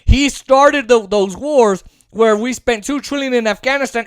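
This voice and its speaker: Heated high-voiced man ranting. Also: moderate pace, hardly any pauses, smooth, no echo, studio quality. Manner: heated, sarcastic, rising to shouts. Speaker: political commentator. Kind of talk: casual political rant.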